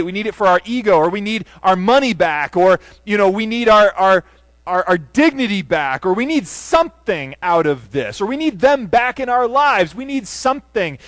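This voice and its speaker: Pastor, male, high-pitched, earnest sermon delivery that swells and then falls quiet, close dry recording. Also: lively intonation, normal speed, dry recording. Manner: earnest preaching with rising emphatic runs and soft low endings. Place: church sanctuary.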